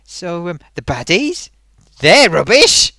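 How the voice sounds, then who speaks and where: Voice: medium pitch, sing-song, slow pace, bright, forceful tone, dry recording. A film reviewer ranting in a rambling, sarcastic, exasperated way, full of ums and little laughs. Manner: frequent fillers and amused laughs.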